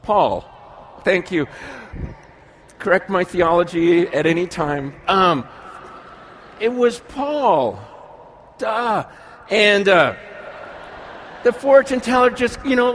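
Middle-aged male pastor, high-pitched and animated, swings between soft asides and shouting, faint background noise. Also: slow, pauses often. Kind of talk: sermon.

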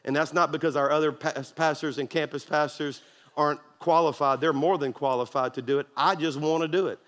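A male pastor delivers an emphatic sermon, urging the congregation to answer him back. His voice sits high for a man. The sound rings with the long reverb of a large church hall. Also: fairly even intonation, a little fast, fairly bright tone. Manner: preachy, emphatic, call-and-response to congregation.

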